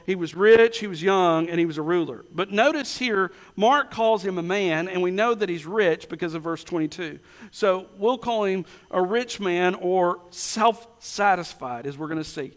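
A man preaching a sermon, asking rhetorical questions and slowing down to stress key words. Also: high-pitched, fairly bright tone. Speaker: pastor. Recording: long hall reverb.

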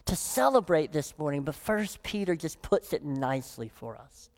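A woman pastor preaching a sermon, emphatic, often dropping into soft, low phrases for weight. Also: very animated, moderate pace.

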